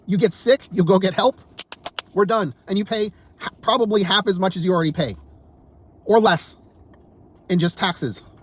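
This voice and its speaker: High-voiced man in a heated rant. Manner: angry, exasperated, swears often; repeats and restarts words when worked up. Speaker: political commentator. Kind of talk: heated political rant to camera.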